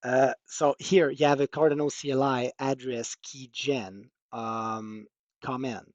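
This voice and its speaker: A man's voice: medium pitch, steady tone, unhurried, no echo, lo-fi sound. A man with a French accent presenting a technical workshop walkthrough, explaining with many hesitant fillers.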